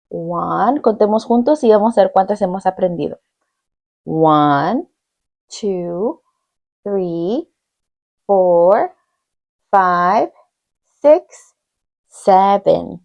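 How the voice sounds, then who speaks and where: A woman's voice: medium pitch, gravelly, darkish tone, highs cut off. A woman teaching young children, reading words aloud in English and Spanish and repeating each one with patient encouragement. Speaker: bilingual teacher. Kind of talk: slow bilingual classroom lesson for young children.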